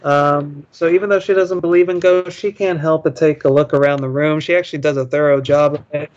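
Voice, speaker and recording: A man's voice: on the high side, fairly even intonation, brisk, darkish tone. A man with a slightly raised voice reads a children's ghost story to his co-host. He breaks off often for loose, wry jokes. The podcast audio is muffled and lo-fi. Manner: rambling, wry, joking asides. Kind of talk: casual podcast chat, reading aloud and commenting.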